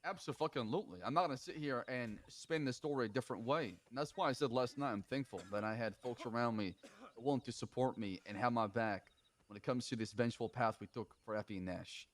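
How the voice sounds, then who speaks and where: A man's voice: mid-range voice, quick pace. A man roleplaying in a western game, earnestly defending his choices in casual in-character chat.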